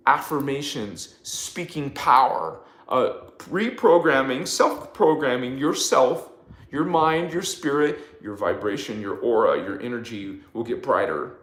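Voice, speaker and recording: A man's voice: medium pitch, a bit bright. A man hosting a spiritual live stream, leading repeated affirmations and chanting strings of invented syllables. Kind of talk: casual spiritual livestream talk with affirmations. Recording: echoey room.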